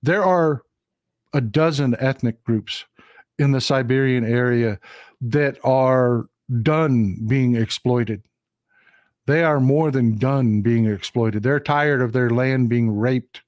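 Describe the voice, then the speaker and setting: A man's voice: medium pitch, slow pace, darkish tone, dry recording, clean studio sound. A man hosting a live-streamed political commentary show, talking through a map and repeating lines for emphasis. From Texas. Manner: emphatic, repeats phrases for stress.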